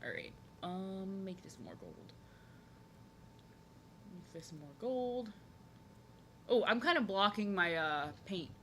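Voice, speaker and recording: A woman's voice: medium pitch, slow, pauses often, a little hiss or hum. Bubbly, overexcited young woman streamer. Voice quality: youthful, like an excited little boy. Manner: overexcited, chatty, repeats herself. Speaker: streamer drawing live. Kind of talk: casual chat while drawing.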